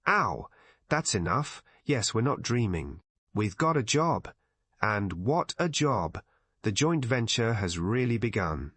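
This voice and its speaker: A man voicing a cheerful, practical young Englishman in an audiobook, with a slightly raised, brisk delivery. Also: lowish voice, sing-song, a bit bright, breathy edge, exaggerated voice.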